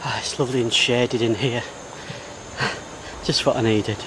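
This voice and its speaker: A man talking casually to camera as he walks outdoors through a garden, upbeat and motivational, getting excited as he speaks. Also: mid-range voice, measured pace, background noise. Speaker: travel vlogger. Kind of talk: casual walk-and-talk to camera. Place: outdoor botanical garden, walking.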